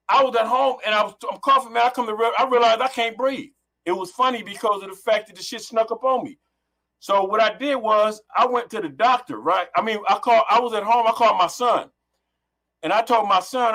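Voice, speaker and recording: A middle-aged man from Los Angeles tells a long story as a guest on a call, speaking through a headset. His voice sits somewhat high for a man, and he rambles, restarts his sentences and drops profanity freely. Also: pushed and bright. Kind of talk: casual storytelling on a remote call.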